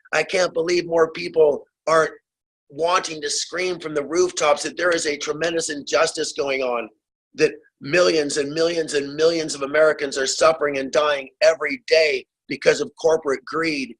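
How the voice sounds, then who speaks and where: A man's voice: fairly high pitch, a bit bright, slightly rough, low-quality recording. A man speaking as a guest author on a remote call, urgent and fiery, appealing straight to his listeners. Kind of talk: impassioned advocacy talk.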